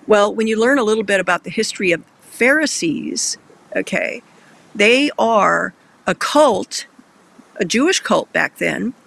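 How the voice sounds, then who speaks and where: High, gravelly-voiced man. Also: lively intonation, a little slow, fairly bright tone. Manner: earnest, emotional storytelling. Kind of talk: Christian discussion show.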